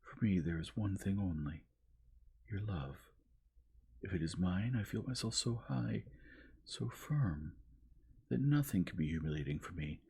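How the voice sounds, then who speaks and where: A man's voice: low voice, animated, unhurried, pauses often, a little mellow, voice pushed up, exaggerated voice. A man whispering as a trembling young noblewoman, whispered role-play. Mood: pleading, distraught. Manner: trembling, breathy, pleading. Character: anguished young noblewoman, tearful and proud.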